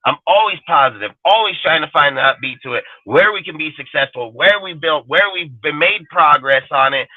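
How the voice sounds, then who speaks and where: Cussing guy ranting on a stream, kinda high voice, dry phone-y sound. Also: lively intonation, a little fast, hardly any pauses, no echo, narrow, tinny audio. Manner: profane, blunt and emphatic. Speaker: fan show panelist. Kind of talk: heated live-stream rant.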